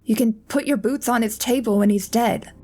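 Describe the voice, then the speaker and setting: A woman playing in a tabletop role-playing game, speaking calmly and placatingly in character. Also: a little high, normal speed. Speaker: player.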